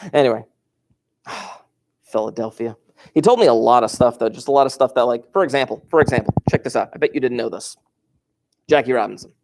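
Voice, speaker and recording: A man's voice: medium pitch, darkish tone. Chatty male teacher telling classroom stories. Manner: chatty, digressive, asks the class questions. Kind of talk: classroom lecture, storytelling.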